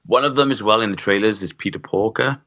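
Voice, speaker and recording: A man's voice: fairly low pitch, fast talker, fairly bright tone, lo-fi sound. A man co-hosting a podcast, laid-back and hesitant, with many fillers. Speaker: podcast co-host. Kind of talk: casual podcast chat.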